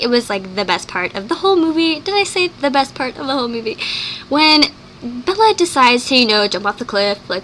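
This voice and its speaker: A woman talks into her camera in a loose, gushing vlog style, her voice sitting a little high and sounding bright. She piles up "like" and jumps into acted quotes, with a faint hiss behind her. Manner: fast, gushing, full of "like"; excitable, acts out quoted lines. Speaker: vlogger. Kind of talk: casual vlog chat reviewing a movie.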